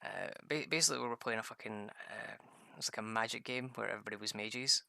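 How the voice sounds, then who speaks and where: Male gamer with a gravelly voice, casual and sweary, commentating his gameplay. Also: on the low side, quick pace, bright, forceful tone, no echo, clean studio sound. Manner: rambling, profane storytelling.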